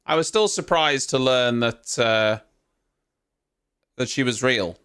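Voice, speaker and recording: A man hosts a live stream with casual, running reaction commentary. His voice is smooth and clear at a middle pitch, and he teases his viewers in chatty banter with some casual swearing. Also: slow pace, fairly bright tone.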